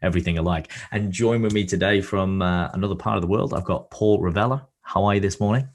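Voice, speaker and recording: Deep-ish guy hosting a podcast, chatty and upbeat. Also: quick pace, a little hiss or hum. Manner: upbeat, chatty host patter. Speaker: podcast host. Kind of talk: casual interview chat.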